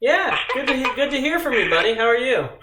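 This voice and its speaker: A man's voice: extremely high pitch, big pitch swings, fast talker. Laughing man streaming from an echoey kitchen. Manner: jokey, laughs often, chatty. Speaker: YouTube live streamer. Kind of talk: casual live stream chat. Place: home kitchen. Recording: echoey room with background noise.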